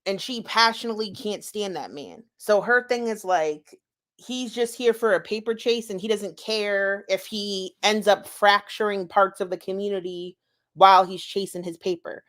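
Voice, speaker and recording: A woman with a mid-range voice speaks on a live commentary panel. She talks quickly, laying out her reasoning point by point. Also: mid-range voice, a bit bright. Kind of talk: casual commentary chat.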